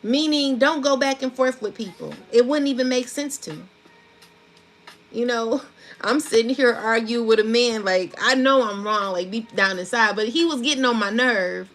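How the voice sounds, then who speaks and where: A woman's voice: a little high, normal speed, fairly bright tone. Chatty, laughing woman tarot reader. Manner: chatty, laughing, slangy storytelling. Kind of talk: casual spiritual tarot reading.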